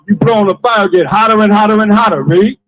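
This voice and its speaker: A man street preaching to passers-by, with forceful call-and-response, repeated phrases and bursts of shouting. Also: sits high, quick pace, low-quality recording. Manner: forceful call-and-response, commands a reader to read.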